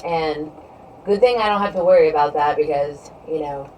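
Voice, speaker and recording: A woman's voice: deep voice, normal speed, a little mellow. Rambling woman streamer chatting with her viewers. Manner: rambling, leans heavily on "you know". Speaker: live streamer. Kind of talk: casual live-stream chat with viewers. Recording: distant mic with faint background noise.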